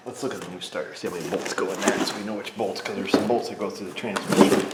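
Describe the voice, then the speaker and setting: A man's voice: lowish voice, steady tone, quick pace, heavy background noise. A man working as a mechanic, rambling and joking to himself as he talks through a repair in his shop, sometimes dropping to a whisper up close. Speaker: auto mechanic. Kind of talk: casual work narration. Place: auto repair shop bay.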